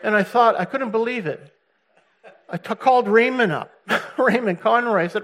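A middle-aged man with a fairly high voice gives a personal faith testimony. He tells it as a story and builds to animated peaks. He slips into the voices of the people he quotes. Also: moderate pace. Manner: storytelling, acting out quotes, chuckling, rising animated. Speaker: testimony speaker.

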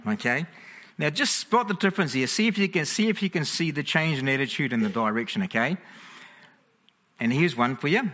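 A chatty male preacher with a bright, forward voice, speaking in an animated way. He keeps stopping to check that the congregation is following him. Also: mid-range voice, normal speed, pauses often. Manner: chatty, animated, frequent "okay?" check-ins. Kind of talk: sermon to a congregation.

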